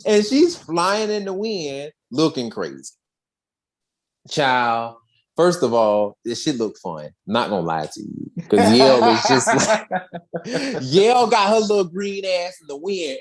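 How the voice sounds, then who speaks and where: A podcast co-host recapping an episode in a casual, animated way, full of slang and acted-out quotes. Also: mid-range voice, unhurried.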